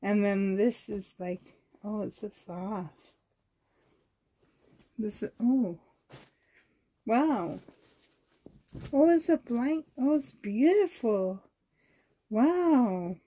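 A woman's voice: mid-range voice, animated, extremely slow, long pauses, warm tone, husky, low-quality recording. A woman with a Canadian accent, chatting casually while unboxing, gushing, giggly and rambling. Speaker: reborn doll vlogger.

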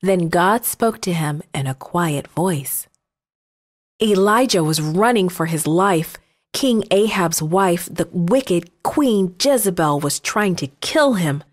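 A woman narrating children's Bible stories in a gentle, measured storytelling manner. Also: lowish voice, lively intonation.

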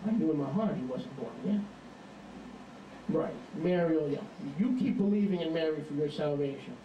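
A man's voice: a little high, normal speed, slight background noise. Emphatic male preacher in an echoing hall. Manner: animated, storytelling, emphatic. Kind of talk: sermon. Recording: distant, roomy, dull hall recording.

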